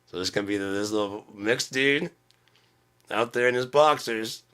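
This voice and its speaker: A man's voice: fairly high pitch, slow pace, creaky. A man telling a comic story in a casual, profane way, acting out what people said. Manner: profane, animated, acts out quotes. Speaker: channel host.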